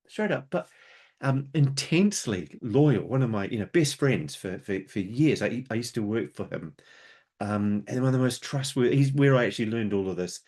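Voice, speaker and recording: A man's voice: mid-range voice, darkish tone. A man presenting a webinar, talking unscripted and conversationally, explaining ideas through homely analogies and stories.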